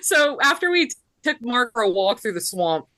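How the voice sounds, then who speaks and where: A woman's voice: a little high, sing-song, normal speed, sharp tone, no echo. A woman in her thirties with a Southern US accent, co-hosting a podcast and telling a story in casual chat, laughing often and saying "like" a lot. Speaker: podcast co-host.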